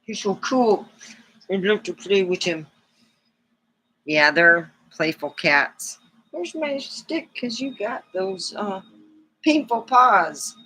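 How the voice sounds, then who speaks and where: A woman hosting a casual livestream, chatting in a rambling, fond way and cooing at her cat. Her voice is bright and a little pointed, and she talks at an unhurried, slow pace. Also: medium pitch, expressive, breathy edge. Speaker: livestream host.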